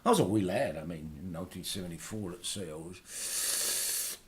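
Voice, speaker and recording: Guest hosting a radio show as a boastful aging British punk singer, a man speaks in Liverpool English with a low voice at normal speed, near his everyday sound. The comic chat is rambling, hesitant and full of fillers, broken by bursts of loud ranting.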